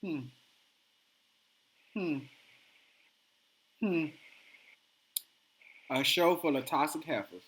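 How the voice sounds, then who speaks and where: A man hosting a podcast, telling a story in casual chat and acting out the quotes with animated energy. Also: on the high side, very slow, long pauses. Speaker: podcast host.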